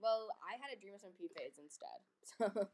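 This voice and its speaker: A woman's voice: mid-range voice, lively intonation, a little fast, darkish tone. A teenage girl co-hosting a casual chat podcast with friends, teasing and sarcastic, laughing often. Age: teens. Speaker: podcast co-host.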